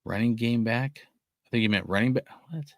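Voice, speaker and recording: Young male podcast host, fired-up and foul-mouthed, swears through every rant, medium pitch, close dry mic. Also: brisk, no room sound. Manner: heated, swears constantly, loud bursts. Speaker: podcast host reading live chat. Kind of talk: profane casual sports rant.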